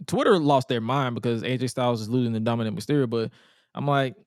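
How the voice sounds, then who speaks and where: A man's voice: medium pitch, fairly quick, darkish tone, no echo, studio quality. A man hosting a casual wrestling podcast, talking bluntly and jokingly with plenty of swearing. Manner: blunt, profane, jokey. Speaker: podcast host.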